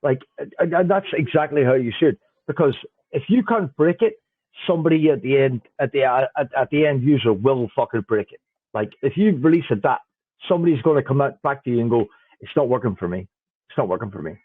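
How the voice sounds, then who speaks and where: A man's voice: medium pitch, brisk, breathy edge, dry recording. A man with an Irish accent, a smart contract auditor, talking bluntly and swearing freely in a casual podcast chat. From Ireland. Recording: dry tinny phone-like line.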